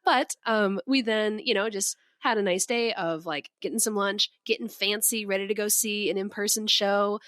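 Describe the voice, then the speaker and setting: A woman's voice: medium pitch, fairly even intonation, normal speed, few pauses, fairly bright tone, dry recording, clean studio sound. A woman from Minnesota co-hosting a podcast, telling a trip story in a chatty, giggly way. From Minnesota, USA. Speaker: podcast co-host. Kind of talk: casual chat.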